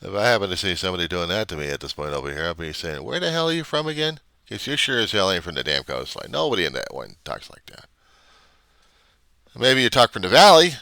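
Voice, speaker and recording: Indignant older man with a bright, crisp voice. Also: lowish voice, no echo. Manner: rambling, indignant, swears often. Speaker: reverend. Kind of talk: casual rant on camera.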